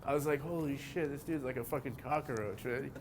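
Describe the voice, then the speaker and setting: A man's voice: mid-range voice, a little fast, a little hiss or hum. Laid-back swearing New skater man. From New Jersey. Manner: laid-back, swears a lot, animated when telling stories. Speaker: interviewee, pro skateboarder. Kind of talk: casual interview.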